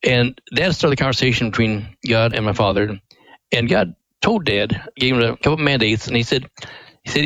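A man's voice: mid-range voice, normal speed, fairly bright tone, dry recording, rough recording. Middle-aged male radio guest, folksy and earnest, very dry close sound. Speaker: ministry president, guest. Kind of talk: radio interview storytelling.

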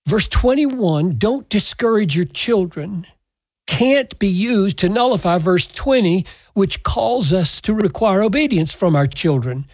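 Male preacher, husky voice, measured and emphatic sermon delivery. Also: high voice, animated, darkish tone, no echo, low-quality recording. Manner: measured, emphatic scripture exposition. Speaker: pastor.

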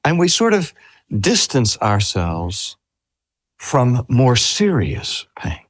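Older man preaching with lively pitch. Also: breathy edge, no room sound. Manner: earnest, drawn-out emphasis on key phrases, rhetorical questions. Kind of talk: sermon. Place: talk at a cancer hospital.

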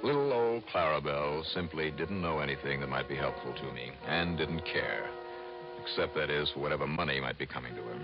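A low-voiced man speaking as a 1950s radio investigator, dry and wry in his hard-boiled narration. The old recording sounds dull, with music under it. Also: fairly quick. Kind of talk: 1950s radio drama acting.

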